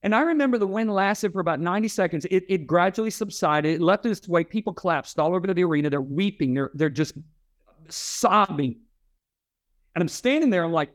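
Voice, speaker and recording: A man's voice: high-pitched, expressive, brisk. A middle-aged man, a Christian author and speaker, telling a dramatic story as an interview guest in an emphatic, preacher-like way, acting out the people he quotes. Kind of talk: animated storytelling.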